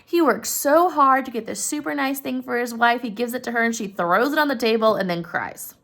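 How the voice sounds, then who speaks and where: A woman's voice: a little high, brisk, vocal fry, a bit bright. A woman retelling a story in a casual, chatty way, talking straight to her listeners and using many fillers.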